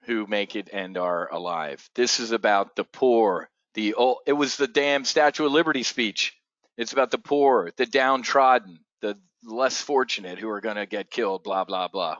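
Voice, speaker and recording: Excitable, blunt trading show host. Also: male voice, mid-range voice, no echo, lo-fi sound. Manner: excitable, profane, blunt asides. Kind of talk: live market commentary.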